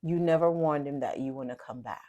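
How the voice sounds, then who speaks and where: A woman's voice: rumbling low, fairly quick, mellow, highs cut off. A woman co-host adding supportive, emphatic remarks in conversation. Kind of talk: conversational commentary.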